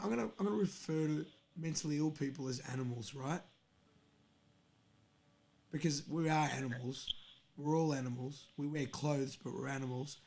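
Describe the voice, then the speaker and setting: Sweary rambling man. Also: fairly high pitch. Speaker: livestream host. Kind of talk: casual livestream chat.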